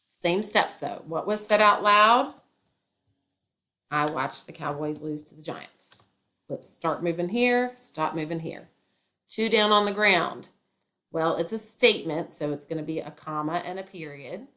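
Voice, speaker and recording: Lady teaching grammar step by step, a bit low-voiced, jokey asides here and there. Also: measured pace, sharp tone. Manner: explaining step by step with playful asides. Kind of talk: classroom grammar lesson.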